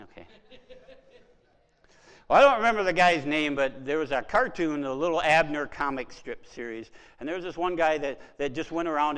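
Animated high-voiced preacher in a reverberant hall. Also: male voice. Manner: animated, swings from soft asides to loud exclamations. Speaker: pastor. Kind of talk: sermon.

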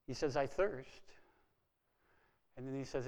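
A man's voice: mid-range voice, unhurried. Preaching man in a reverberant hall. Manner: swings between hushed quoting and rising emphatic preaching. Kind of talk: sermon.

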